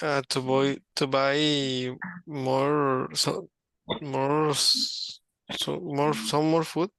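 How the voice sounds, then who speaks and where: A man's voice: a little high, little pitch movement, vocal fry, fairly bright tone, no echo. A man practicing English, speaking hesitantly on a video call. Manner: hesitant, halting. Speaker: student.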